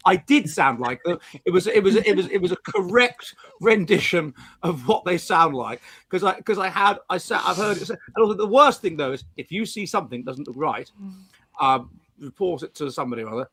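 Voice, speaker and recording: A middle-aged English man hosting a casual live-stream chat, animated, with frequent restarts and playful mimicry. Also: high-pitched, normal speed, husky. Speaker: host.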